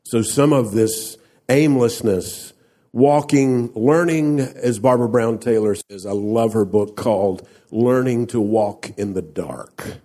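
A male preacher delivering a sermon at an unhurried pace. His voice is mellow and warm, and he leans on emphatic rhetorical questions to his listeners. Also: mid-range voice. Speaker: pastor.

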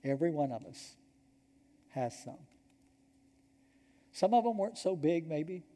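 A man with a Georgia accent preaching a sermon to his congregation, telling the story earnestly and dropping to a hush for key points. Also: a little high, very animated, a little slow. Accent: Georgia, US Southern. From Georgia, United States. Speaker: pastor. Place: church sanctuary. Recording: long reverb of a large hall.

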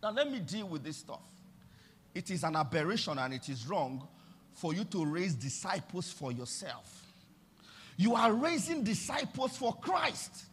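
High, lively Nigerian male preacher. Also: unhurried, slightly rough. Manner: emphatic preaching with sudden swings between loud and soft, sing-song phrasing. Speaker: pastor. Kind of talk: sermon.

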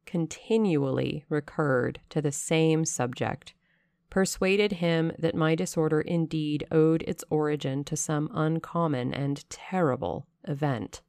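Woman audiobook narrator, low register, close dry mic, expressive dramatic reading. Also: gravelly, clean tone, no echo. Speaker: audiobook reader. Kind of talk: classic novel narration.

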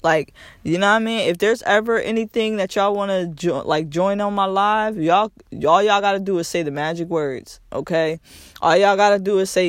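A young man hosts a podcast, giving a casual motivational talk in which he repeats phrases for emphasis and swears casually. He has a high voice at normal speed, recorded with clean studio sound and no echo.

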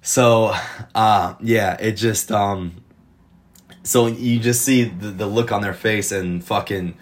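A man casually reviewing a TV episode, retelling scenes in an excited, rambling way full of swearing. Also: on the low side, takes it slowly. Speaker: TV show reviewer.

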